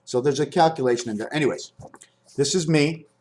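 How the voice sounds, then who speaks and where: A man in his fifties rambling through a spiritual monologue to camera, swinging between high loud bursts and low muttering. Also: brisk. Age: 50s. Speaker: vlogger.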